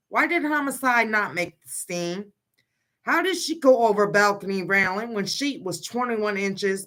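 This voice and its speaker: With a sharp tone in her mid-range voice, a middle-aged mother in grief speaks casually on a livestream. She insistently works through a list of questions, bluntly pushing each one in turn.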